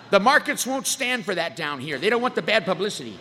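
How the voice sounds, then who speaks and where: This man's high-pitched, bright, forceful voice is very animated, moving quickly with few pauses. Hailing from California's San Fernando Valley, he tells his life story at a recovery meeting in a humorous way, cracking jokes and acting out the voices of people he quotes. The recording has a reverberant hall sound and faint background noise.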